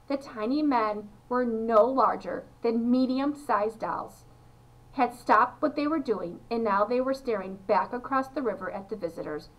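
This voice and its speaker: A woman reading a children's novel aloud to pupils, expressive, with a few slips and restarts. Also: fairly high pitch, moderate pace, low-quality recording.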